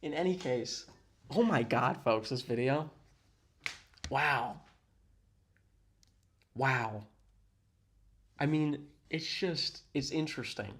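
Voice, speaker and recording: A man's voice: medium pitch, slow, pauses often, fairly bright tone. A man hosting a reaction video, giving sarcastic, mock-admiring commentary.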